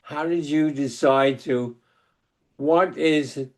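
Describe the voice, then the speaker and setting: An older man giving a webinar lecture that mixes research points with personal storytelling, talking deliberately with frequent restarts. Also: on the high side, a little mellow. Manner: deliberate, halting delivery with many restarts. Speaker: psychologist giving a webinar talk. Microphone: video call microphone.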